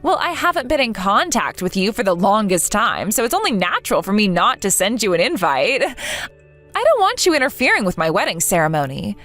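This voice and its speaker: A woman's voice: medium pitch, sing-song, fairly quick, fairly bright tone, faint music behind. A synthetic woman's voice speaking as a cruel young woman in a text-message story, mocking and dismissive. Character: young woman, scornful, cruel fake friend.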